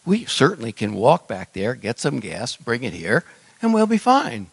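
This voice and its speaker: A man's voice: medium pitch, huge pitch swings, normal speed, creaky, husky, no room sound, pitched below the performer's own voice, heavily acted. A man doing a thrifty, sensible nun. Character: practical thrifty older nun, treasurer.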